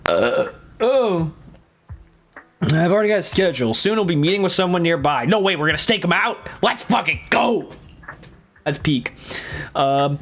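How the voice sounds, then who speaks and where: A man streaming a video game with casual, excitable commentary, swearing and laughing often. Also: fairly high pitch, moderate pace, pauses often. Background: faint game music.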